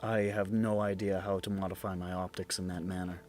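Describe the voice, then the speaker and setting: A man's voice: sits low, level tone, a little fast, a little mellow, slight background noise. Chatty man at a tabletop game. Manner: playful, laughs often, stumbles over words. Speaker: game master. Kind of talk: casual tabletop game chat.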